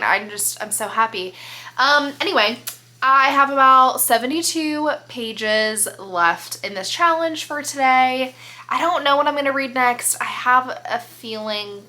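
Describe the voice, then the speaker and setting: A woman's voice: fairly high pitch, bright, forceful tone. A young woman book vlogger talking casually to camera, chatty and gushing, with many restarts. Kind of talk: casual vlog chat.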